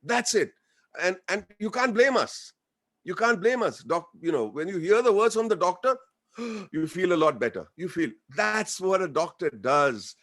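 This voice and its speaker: Earnest, joking Indian man, higher voice. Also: very animated, normal speed, a bit bright. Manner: jokey, earnest, mixes English with Hindi. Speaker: guest speaker, actor. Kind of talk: informal webinar speech.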